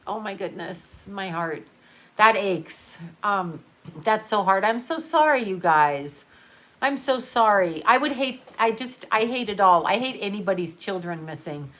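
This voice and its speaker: Reading her viewers' comments on an unscripted livestream, a grieving middle-aged woman speaks haltingly and emotionally. She uses many fillers and restarts and swears casually, her mid-range voice a bit bright.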